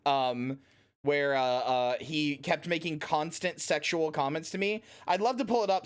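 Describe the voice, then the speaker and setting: A woman streamer telling a story in casual stream chat, animated and rambling, and swearing casually. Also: sits low.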